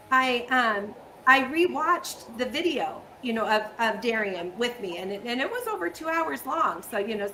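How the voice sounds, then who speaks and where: A woman hosting a casual interview, chatty and excitable. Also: high voice, a little hiss or hum, low-quality recording. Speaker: host.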